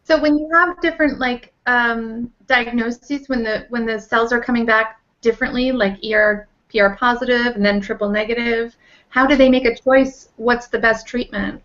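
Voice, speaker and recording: A woman in a casual chat asks curious, carefully worded questions. Her voice is a little high. The audio is dull and lo-fi. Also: fairly even intonation, moderate pace, a bit bright.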